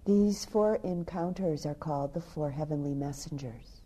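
A woman meditation teacher giving a dharma talk. She tells a story softly, often dropping to a hushed near-whisper. Her voice is low, very dark and husky. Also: moderate pace. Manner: soft, storytelling with hushed passages.

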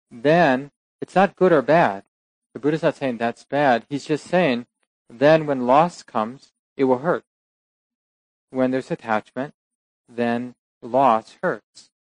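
Man, meditation teacher, dharma talk, unhurried reflective storytelling, mid-pitched voice, dry close recording. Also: dry recording, rough recording. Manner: unhurried, reflective, with occasional laughs and self-corrections. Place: meditation center hall.

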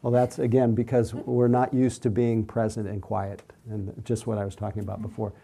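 A man teaching mindfulness to a class and answering questions in a gentle, unhurried, soothing way. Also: on the low side, little pitch movement, gravelly. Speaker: meditation teacher.

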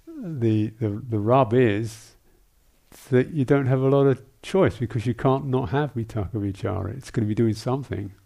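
Answering questions during a dharma talk, a male Buddhist monk teacher speaks with a medium-pitched, creaky, mellow voice. His delivery is halting and thoughtful, with many restarts and little asides.

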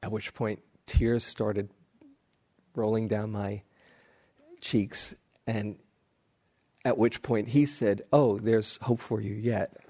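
Slow-spoken man giving a dharma talk. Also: mid-range voice. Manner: slow, gentle storytelling with soft laughs. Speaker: meditation teacher.

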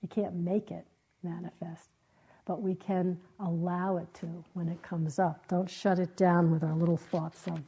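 A woman meditation teacher giving a dharma talk in a gentle, reflective way, with halting, searching phrases. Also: fairly low pitch, steady tone, slightly rough, rough recording. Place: meditation hall.

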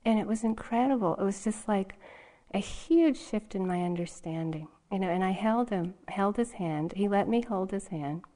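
A woman's voice: mid-range voice, animated, normal speed, mellow. A woman meditation teacher giving a dharma talk, telling a personal story conversationally and laughing often. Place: retreat hall.

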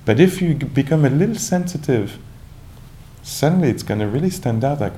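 A man giving a calm, reflective dharma talk as a meditation teacher, searching for words with many restarts and asides. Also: medium pitch, fairly quick, a little hiss or hum.

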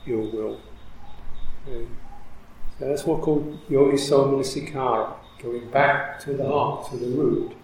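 A man who is a Buddhist monk teacher, giving a reflective dharma talk with frequent soft laughter. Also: medium pitch, fairly even intonation, a little slow, reverberant, slight background noise, rough recording.

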